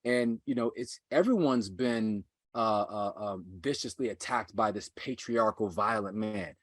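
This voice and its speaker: A man speaking as a podcast guest and coach, measured and earnest, repeating phrases for emphasis. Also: lowish voice, no room sound, clean studio sound. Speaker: guest, men's self-mastery coach. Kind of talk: earnest conversational teaching.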